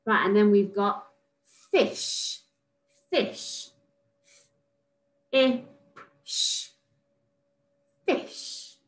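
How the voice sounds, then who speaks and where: A woman teacher from England giving a recorded phonics lesson to young children, sounding out letters slowly and praising them. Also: mid-range voice, expressive, low-quality recording. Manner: slow, sing-song, sounds out letters and praises. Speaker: reception class teacher.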